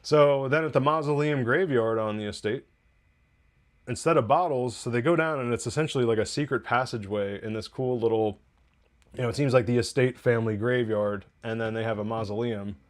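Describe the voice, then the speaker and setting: A man's voice: medium pitch, a little fast. A man hosting a TV review podcast, recapping an episode in a loose, chatty way with profane asides and laughs.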